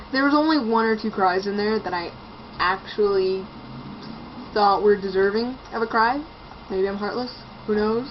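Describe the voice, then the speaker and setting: A young woman with a fairly high voice rants sarcastically in a casual review. The recording sounds dull and lo-fi, with a faint hiss of noise behind her. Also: unhurried, pauses often. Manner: sarcastic, ranting, laughs at what she reads. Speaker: book reviewer.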